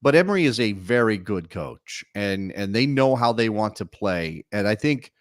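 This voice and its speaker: Wry animated soccer talk man. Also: fairly low pitch, moderate pace, no room sound, studio quality. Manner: animated, wry, self-correcting restarts. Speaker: soccer show co-host. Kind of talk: casual sports talk.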